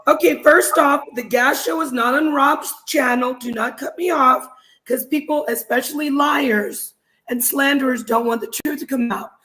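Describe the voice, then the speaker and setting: A woman's voice: high-pitched, moderate pace, a bit bright, low-quality recording. A woman on a livestream, insistent and indignant, pushing to be heard and defending herself. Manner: insistent, indignant, demands to speak. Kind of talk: heated livestream argument.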